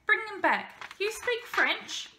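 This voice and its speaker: A woman's voice: high-pitched, very animated, moderate pace, fairly bright tone, reverberant, slight background noise, voice pushed up, heavily acted. A woman reading as a commanding tall ship captain. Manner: curt, in charge.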